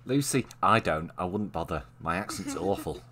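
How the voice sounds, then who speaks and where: Male stream host from Manchester, lowish and very animated, rambling chat. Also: normal speed. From Manchester, England. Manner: rambling, self-correcting storyteller. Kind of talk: casual chat.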